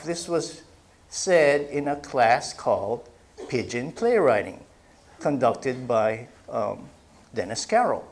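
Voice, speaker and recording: A man, an author, giving an unhurried public talk and reading quotes, with frequent ums and uhs. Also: medium pitch.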